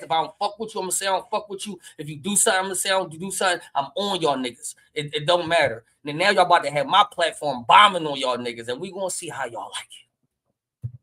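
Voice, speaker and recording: A man with a Philadelphia accent hosting a casual livestream, brash and loud, trash-talking and laughing often. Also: fairly high pitch, poor audio. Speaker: livestream host.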